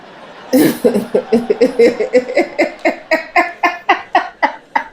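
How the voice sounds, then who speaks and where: A man doing stand-up comedy with a high, bouncy voice that swings all over the place. He tells his stories in an animated way and acts out the people in them. His pace is slow and unhurried. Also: reverberant, a faint crowd, slight background noise. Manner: animated storyteller acting out voices.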